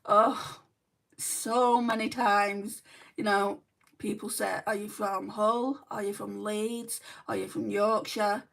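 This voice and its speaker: A woman with a Lancashire accent talks in a rambling, candid way, full of ums and asides. Her voice carries a gravelly fry at a middling pitch. She sits back from the microphone, so the sound sits a little distant. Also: level tone, slow pace. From Lancashire, England. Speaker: beauty vlogger. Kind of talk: chatty livestream makeup talk, reading viewer comments. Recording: voice set back from the mic.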